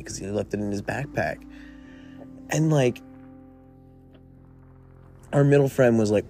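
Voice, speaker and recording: A man's voice: mid-range voice, expressive, quick pace, long pauses, dark tone. A man in his twenties telling a personal story in a laid-back, profane, rambling way, full of fillers. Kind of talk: casual storytelling. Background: faint guitar music.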